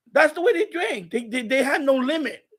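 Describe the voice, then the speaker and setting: A man hosting a casual live stream, telling a story in an animated, ranting way and chatting with viewers. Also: very high-pitched.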